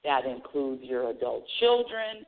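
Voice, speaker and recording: A woman's voice: extremely low pitch, big pitch swings, a little slow. A woman hosting a live talk radio show, telling a story in a chatty way. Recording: tinny phone line.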